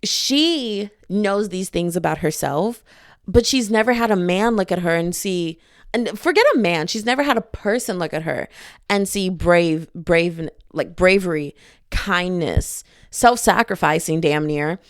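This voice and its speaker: A young woman chatting casually about a book she is reading, excitable and quick to act out the characters' lines. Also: lowish voice, no echo, studio quality. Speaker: book vlogger.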